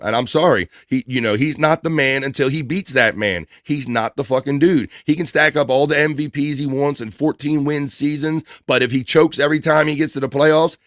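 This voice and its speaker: A man's voice: mid-range voice, a bit bright, no room sound, clean studio sound. Profane, hyped-up male stream host. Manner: loose, profane, hyped banter. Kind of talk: casual chat reading out live chat.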